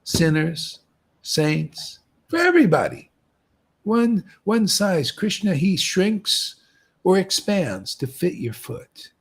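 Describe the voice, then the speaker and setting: A man's voice: high-pitched, animated, slow, slightly rough. A man giving a casual devotional talk as a spiritual teacher, often saying "man" and acting out quoted voices.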